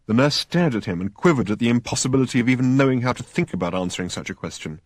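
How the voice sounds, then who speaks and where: Lively, husky male audiobook narrator. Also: medium pitch, very fast, dry recording, clean studio sound. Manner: lively, expressive storytelling. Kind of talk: scripted narration.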